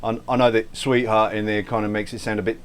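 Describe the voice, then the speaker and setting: Guy rambling through a cooking stream, shouting out viewers, tosses in a bit of cursing, keeps a put-on accent going the whole time. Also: on the low side, level tone, quick pace, a little hiss or hum. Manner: chatty, rambling, thanks viewers by name; frequent self-interruptions and light swearing. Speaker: cooking livestream host. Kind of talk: casual live-stream chat while cooking.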